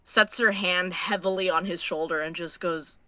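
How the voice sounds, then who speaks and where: Woman player, bright tense voice, dry close sound, casual narration. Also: on the low side, steady tone, dry recording. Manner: casual, halting, laughing easily. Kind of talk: narrating her character's actions.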